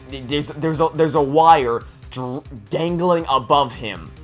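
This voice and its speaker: A man's voice: fairly high pitch, takes it slowly, hardly any pauses, soft background music. A man commentating a let's play, exasperated and rambling, often repeating his words.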